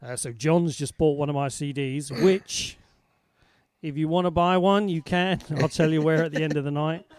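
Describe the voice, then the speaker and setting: A man's voice: on the high side, fairly even intonation, moderate pace, smooth, dry recording, studio quality. Chatty British man hosting a livestream. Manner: chatty, warm greetings to viewers, laughs easily. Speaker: music show host. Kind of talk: casual livestream chat. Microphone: video call.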